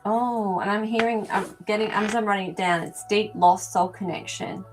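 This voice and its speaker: A woman who isn't from America hosts a live animal communication show, doing a live-stream reading and chatting casually with viewers while thinking aloud with lots of ums. Her voice is medium-pitched and steady at a moderate pace. Faint music plays behind her on a low-quality recording.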